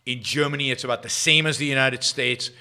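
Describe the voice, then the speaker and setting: Animated, sarcastic male commentator. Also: medium pitch, brisk. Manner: sarcastic, animated, swings between loud jabs and muttered asides. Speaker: podcast host. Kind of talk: opinionated political commentary.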